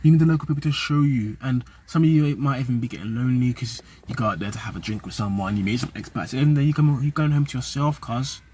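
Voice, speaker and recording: A young man talks to his camera in a loose, slang-heavy vlog monologue. His voice is husky and sits at an ordinary middle pitch. He keeps things animated and conversational, throwing in street phrases as he goes. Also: quick pace, hardly any pauses. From UK and Nigeria. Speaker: vlogger.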